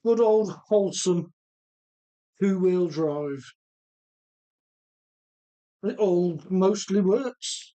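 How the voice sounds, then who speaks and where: A man's voice: high-pitched, drawn-out words, long pauses, mellow. Chatty man hosting a hobby live stream. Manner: chatty and easygoing, laughs often. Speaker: host of a radio-controlled car live stream. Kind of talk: casual live-stream chat, reading viewer comments. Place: home workshop.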